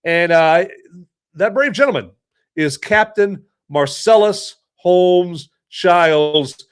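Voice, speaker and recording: A man's voice: high-pitched, takes it slowly, clear, resonant tone. Rambling joking podcast host, man. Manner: rambling, joking, animated storytelling. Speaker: podcast host and movie reviewer. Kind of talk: casual podcast monologue.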